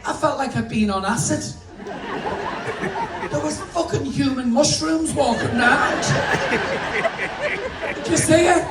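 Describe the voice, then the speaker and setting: A man's voice: extremely high pitch, measured pace, pauses often. A man doing bawdy stand-up comedy on a cruise ship, chatting to the crowd. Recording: echoey room, distant mic, noisy.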